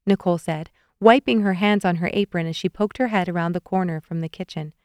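A woman's voice: on the low side, fairly quick, few pauses, darkish tone, dry recording. A young adult woman reading a novel aloud as an audiobook narrator, giving the characters small shifts in voice. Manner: reads dialogue with light shifts for each character. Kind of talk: scripted narration.

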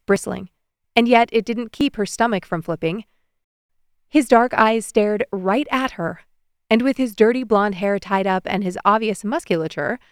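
Smooth-voiced woman narrating a story. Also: medium pitch, dry recording, studio quality. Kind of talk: scripted audiobook narration.

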